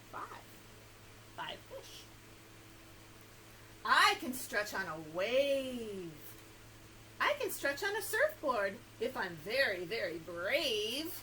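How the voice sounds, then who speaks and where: A high, bright woman's voice reads a picture book to small children with lively swoops in pitch and an unhurried pace. She coaxes her young listeners with questions and laughs often, over a faint hiss of background noise. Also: low-quality recording. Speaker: children's librarian.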